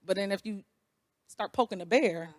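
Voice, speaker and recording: A woman's voice: mid-range voice, moderate pace. A woman in casual chat, speaking frankly and acting out her own quotes.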